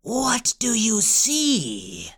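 A performer voicing an ancient, scheming witch trapped in a cup, with an eerie, scraping, whispery voice and slow, theatrical delivery. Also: a little high, huge pitch swings, slightly rough, exaggerated voice. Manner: drawn-out, theatrical, swooping delivery. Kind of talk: audiobook character voice.

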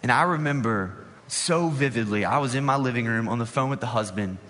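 A man preaching a sermon as a pastor, conversational, slowing with dramatic pauses on key words. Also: mid-range voice, animated, a bit bright. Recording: long reverb in a large hall.

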